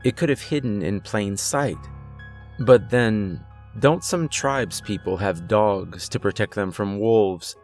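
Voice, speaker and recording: A man narrating a horror story in a measured storytelling manner. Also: lowish voice, a little mellow, faint music behind.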